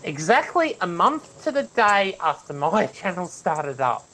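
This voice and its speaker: An Australian man hosting a casual chat, halting with many fillers and restarts, talking over a video call. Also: sits high, very animated, a crowd in the background, rough recording. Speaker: host.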